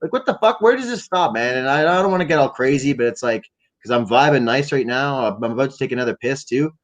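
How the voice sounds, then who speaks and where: A man's voice: medium pitch, lively intonation, quick pace, rough recording. A man hosting a late-night call-in chat, talking in a profane, rambling, joking way. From Canada. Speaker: host. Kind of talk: casual chat.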